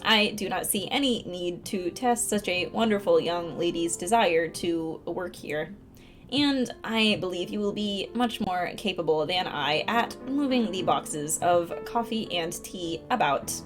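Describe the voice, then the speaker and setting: A woman's voice: on the low side, measured pace, faint music behind, lightly acted. A woman voicing a dignified, elegant male parakeet who owns a cafe, speaking formally and courteously in a dating sim.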